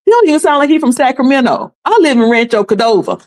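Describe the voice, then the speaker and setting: A woman's voice: high voice, very animated, fast, darkish tone. Chatty woman in her fifties. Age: 50s. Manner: chatty, laughs often, many restarts. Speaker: commentary channel host. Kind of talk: casual commentary.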